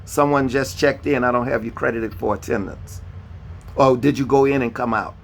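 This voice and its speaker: A male tutor runs a beginner Spanish class by video call, calmly going over each question again and spelling out words letter by letter. The voice is medium in pitch, creaky and steady, at a moderate pace, and there's slight hiss or hum.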